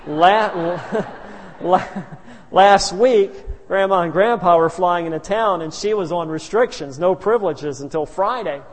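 A man with a fairly high voice preaches to a congregation. He tells homey stories about his family to make his points. His voice rings out with a long hall reverb. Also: measured pace. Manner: folksy, telling family stories. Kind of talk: sermon. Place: church.

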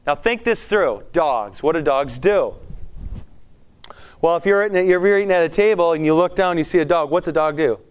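Man, pastor, conversational sermon, questions to the congregation, animated, slightly high voice, smooth tone. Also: moderate pace.

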